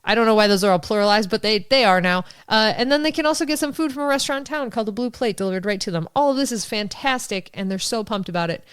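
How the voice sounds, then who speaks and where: A woman co-hosts a laid-back podcast, summarizing a book in a quick, animated storytelling style full of asides. Her voice is smooth and clear. The sound is dry, recorded close to the mic. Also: on the high side, no echo. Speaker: podcast co-host. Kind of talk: casual book-summary chat.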